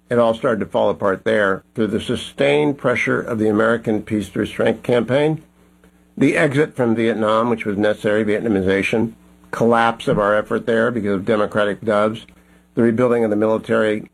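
A man hosting a radio talk show, speaking in a measured, emphatic way with occasional fillers. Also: lowish voice, vocal fry.

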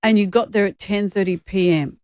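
A woman's voice: mid-range voice, fairly even intonation, a little fast, a little mellow, no room sound. A woman co-hosting a radio show, teasing her co-host with dry questions. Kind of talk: casual chat.

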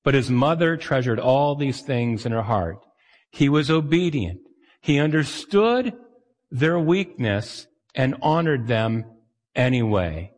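A male pastor delivering a conversational sermon with dry humor, slipping into little voices for the people he quotes. His voice sits at an ordinary pitch and hangs in the long reverb of a church hall. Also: sing-song, slow.

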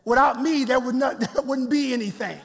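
A man with a very high, husky voice preaching a lively sermon to his congregation. He chuckles often and calls out for responses. His words ring out with a long reverb through the church. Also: fairly quick. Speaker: pastor. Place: church sanctuary.

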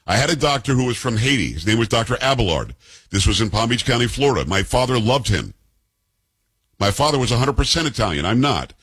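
A man's voice: medium pitch, very animated, quick pace, a bit bright, slightly rough, no room sound. A man in his fifties hosting a political commentary show, combative and sarcastic, firing off rhetorical questions. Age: 50s.

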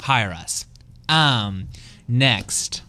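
A man co-hosting a casual chat, joking and riffing with quick self-deprecating asides. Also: medium pitch, expressive, bright, forceful tone. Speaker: co-host.

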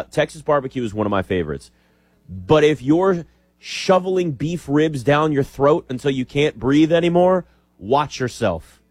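A man's voice: on the high side, no echo. Emphatic American man in a sports rant. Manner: emphatic, sarcastic, animated. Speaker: sports talk show host. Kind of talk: opinionated sports monologue.

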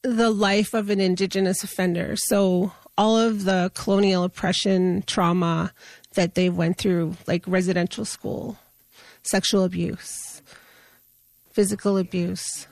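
A woman's voice: medium pitch, dry recording. A middle-aged woman from Canada, a guest telling a story in an interview in an earnest, conversational way with fillers and restarts. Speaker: guest, justice advocate.

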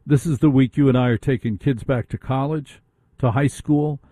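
A man's voice: mid-range voice, fairly even intonation, normal speed, warm tone, dry recording. A middle-aged man hosting a talk radio show, ranting with indignant rhetorical questions. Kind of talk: opinionated talk radio monologue.

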